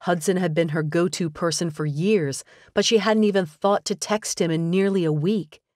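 A woman narrating a romantic comedy audiobook in an even, measured storytelling manner. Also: lowish voice, no room sound, clean studio sound. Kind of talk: scripted narration.

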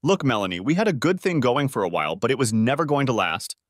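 A man's voice: medium pitch, very animated, fast talker, no room sound, studio quality. A man voicing a smug, cocky big man who talks boastfully and dismissively.

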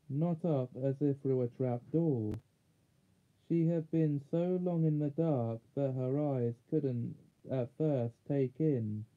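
Man, storybook narration, slow steady reading, tinny phone-like audio. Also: mid-range voice. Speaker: audiobook reader. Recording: narrow phone-like sound.

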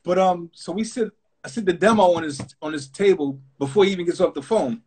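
A man's voice: high voice, brisk, a little mellow, breathy edge. A man, a rapper and interview guest, telling a story in a loose, rambling, casual way, full of fillers. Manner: loose and rambling, full of fillers like "you know what I'm saying".

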